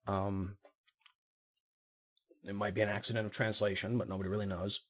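A man casually chatting as a player in a tabletop game, hesitant and rambling with many pauses. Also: fairly low pitch, little pitch movement, a bit bright, slightly rough. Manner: rambling, hesitant, full of ums.

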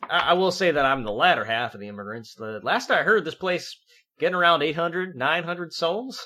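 A frontier saloon barkeep with a generous mustache, as a man puts him on, folksy and a little embarrassed. His voice sits higher than usual with a bright, edgy ring. A tabletop game character voice. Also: expressive, normal speed. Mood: rambling.

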